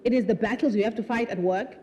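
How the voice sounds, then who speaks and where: A woman author chats animatedly at her own book launch, a live festival event with an audience, laughing often and restarting sentences with repeated words. Her voice is a little high, fast and mellow. The audio is dull, with a little hiss or hum.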